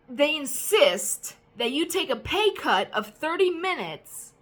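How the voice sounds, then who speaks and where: A tired woman with a drawl vents in a casual rant, her voice high and bright. She rambles and trails off softly, then turns heated and swears freely. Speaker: vlogger.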